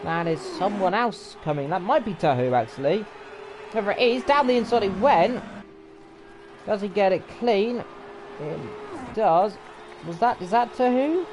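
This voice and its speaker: Chatty man calling a sim race. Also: sits high. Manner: chatty, often unsure, corrects himself mid-call. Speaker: race commentator. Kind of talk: live sim racing commentary. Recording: game engine noise loud behind voice. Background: racing game car engines.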